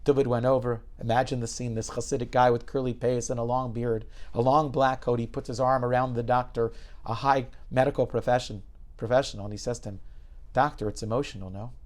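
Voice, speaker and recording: A rabbi telling an inspirational story in a dramatic, emphatic lecture style. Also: male voice, mid-range voice, little pitch movement, a little fast.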